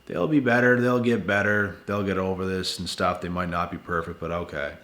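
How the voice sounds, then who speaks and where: A man's voice: deep voice, a little fast, a bit bright, roomy sound. A man hosting his channel, giving relationship advice in a blunt, repetitive casual monologue late at night, sounding tired and talking to viewers as guys and bro. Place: at home indoors.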